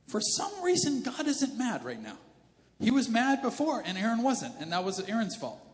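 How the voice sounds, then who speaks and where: A male pastor preaching a sermon in a casual, animated, conversational way. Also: very high voice, normal speed. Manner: conversational and animated, slips into character voices. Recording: reverberant church hall with faint music.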